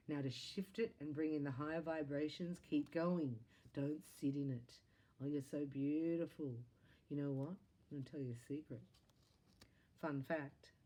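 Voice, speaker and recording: A woman giving a spiritual reading to camera, chatty and animated, with laughs and sudden exclamations. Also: sits low. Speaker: psychic tarot reader.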